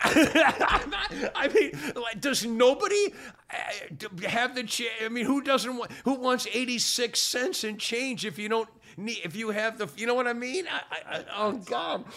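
A man's voice: very high-pitched, moderate pace, hardly any pauses, sharp tone. An older man, hard of hearing, chatting casually and telling a rambling story full of restarts that gets more worked up as it goes. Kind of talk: casual chat.

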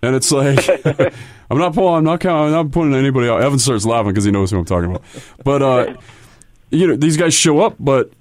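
A man's voice: mid-range voice, expressive, quick pace, a little mellow. A man who runs hockey camps, chatting casually about players and telling stories, often restarting his sentences. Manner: rambling, restarts sentences, storytelling. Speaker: hockey camp coach and co-host.

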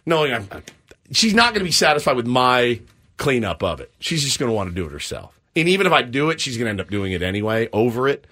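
Animated, bright-voiced radio co-host man. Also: medium pitch, fast talker. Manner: animated, self-mocking storyteller who acts out scenes. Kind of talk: morning radio storytelling banter.

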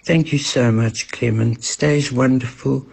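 A man's voice: mid-range voice, fairly even intonation, a little slow, gravelly, darkish tone, breathy edge. A man leaving a polite, friendly voice note for a radio host.

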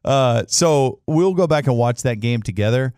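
A man in his forties, co-hosting a casual sports chat, telling a long story with lively acted-out voices. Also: medium pitch, moderate pace, clean tone, dry recording, clean studio sound. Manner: animated storyteller, acts out family voices. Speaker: co-host.

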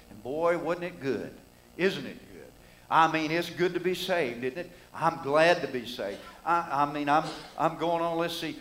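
A man's voice: fairly high pitch, a bit bright, rough recording. A middle-aged man preaching a sermon in a folksy, conversational way, asking the congregation rhetorical questions.

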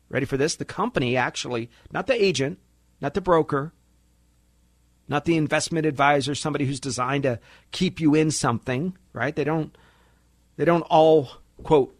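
Animated male financial radio host. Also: mid-range voice, no room sound. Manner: animated, acts out client and broker dialogues. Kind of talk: radio talk show monologue.

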